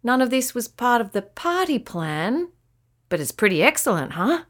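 A woman voicing an eager, excited young boy at a beach party. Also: fairly high pitch, moderate pace. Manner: eager, exclamatory.

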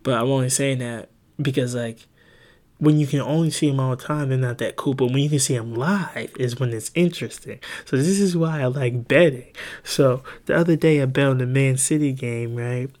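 A man's voice: medium pitch, normal speed, a little mellow. Young male podcast host, casual and rambling, swears freely. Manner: rambling, profane storytelling. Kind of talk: casual chat.

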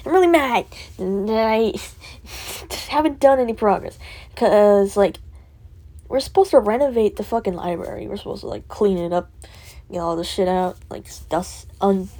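A teenage girl venting in a rambling, laugh-filled way, with many fillers and curse words, dropping to a soft whisper at times. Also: medium pitch, lively intonation, a little slow, pauses often. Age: teens. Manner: rambling, full of fillers and swearing, laughing often. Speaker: student vlogger. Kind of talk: rambling personal vent.

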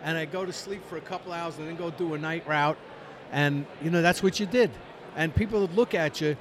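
A man's voice: fairly high pitch, fairly quick, a little hiss or hum. A man in his seventies, semi-retired, reminiscing wryly in casual conversation. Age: 70s. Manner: reminiscing, wry. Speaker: semi-retired business owner. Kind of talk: casual storytelling chat. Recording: outdoor crowd chatter behind.

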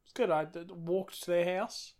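A man's voice: high-pitched, moderate pace, darkish tone. A young man co-hosting a podcast, chatting in a laid-back way with short replies. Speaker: podcast co-host. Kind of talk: casual chat.

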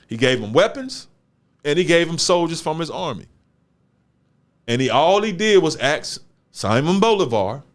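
A man hosting a casual podcast chat, talking in an animated way and firing off rhetorical questions. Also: mid-range voice. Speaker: podcast host.

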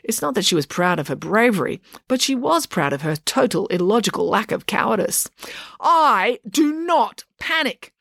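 A woman's voice: fairly low pitch, big pitch swings, brisk, vocal fry, hardly any pauses, a bit bright, husky, no echo, studio quality. A woman narrating a children's story as an audiobook, in a playful and wry storytelling manner.

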